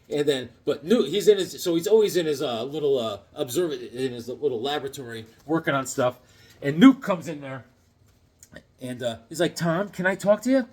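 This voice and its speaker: A man casually recapping a comic book story, animated and storytelling, acting out the characters. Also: medium pitch. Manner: frequent fillers and restarts.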